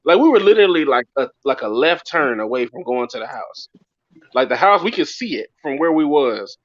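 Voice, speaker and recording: Higher guy telling stories all animated, slangy, muffled sound. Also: brisk. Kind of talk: casual late-night chat.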